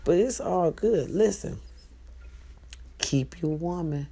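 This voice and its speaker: Woman, gravelly, dark-toned, blunt profane vlogger. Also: on the low side, slow pace. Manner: profane, blunt, animated preaching. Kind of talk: casual advice rant to viewers.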